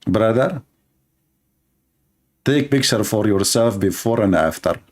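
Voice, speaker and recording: A man's voice: fairly low pitch, animated, slow. A man giving mocking commentary on religion, sarcastic and often laughing. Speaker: religion critic.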